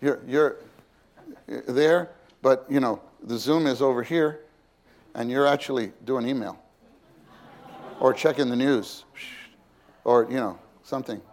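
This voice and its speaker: A man's voice: medium pitch, unhurried, long pauses, a little mellow. A man preaching a sermon in a conversational way, asking his listeners questions and acting out quoted voices.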